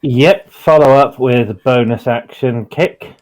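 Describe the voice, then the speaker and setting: A man's voice: mid-range voice, measured pace, darkish tone. A man playing a tabletop game, describing what his character does in a hesitant way with many fillers. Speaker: player.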